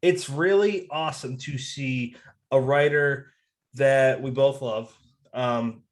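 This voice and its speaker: A man's voice: mid-range voice, slow pace. Enthusiastic, joking male podcast host. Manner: enthusiastic, joking, swears freely. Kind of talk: casual podcast chat.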